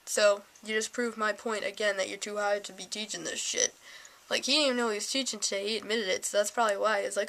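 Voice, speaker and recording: A woman's voice: mid-range voice, flat delivery, brisk, vocal fry, a bit bright, low-quality recording. An eighteen-year-old woman vlogging, ranting sarcastically and swearing freely about her day. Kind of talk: casual ranting vlog.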